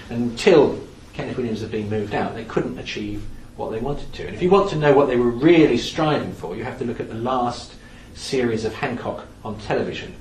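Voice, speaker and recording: A man giving a lively, anecdotal talk in a lecture-style storytelling manner. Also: medium pitch. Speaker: speaker on theatre history. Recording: echoey room from some distance, faint background noise.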